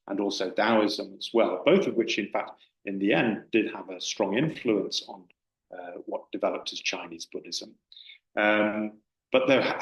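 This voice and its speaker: A low-voiced man gives a Buddhist dharma talk, searching for his words with many pauses and restarts. His voice carries an echo from a roomy hall. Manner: hesitant, with many fillers and restarts. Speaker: Buddhist teacher.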